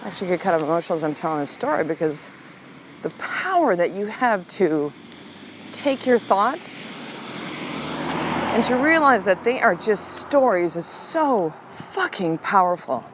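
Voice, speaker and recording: Background noise fills this clip of a middle-aged woman, a coach and podcast host, with a mid-range voice. She tells her own story in an open, lively manner before easing into slow, gentle affirmations.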